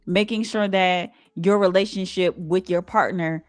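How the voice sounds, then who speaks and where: A woman co-hosting a casual podcast, giving earnest, measured advice. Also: lowish voice, fairly even intonation, dry recording, soft background music. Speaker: podcast co-host. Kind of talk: casual chat.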